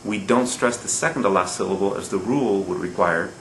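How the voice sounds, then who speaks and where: Man, teacher, patient and repetitive, lowish voice, faint background hiss. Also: brisk, roomy sound, low-quality recording. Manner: patient, repeats rules and checks with "okay?". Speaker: Spanish teacher. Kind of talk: recorded classroom lesson.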